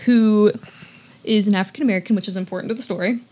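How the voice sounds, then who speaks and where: A woman's voice: mid-range voice, quick pace. A woman telling a story in a casual podcast chat, full of likes and restarts and acting out what people said. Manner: animated, many likes and restarts, acts out quotes.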